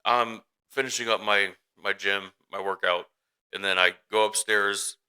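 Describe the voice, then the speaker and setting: On a casual podcast, this male co-host speaks unhurriedly in a lowish, steady, sharp yet clean voice. He spins a meandering worried-dad tale full of restarts and performed quotes, though the recording itself is poor.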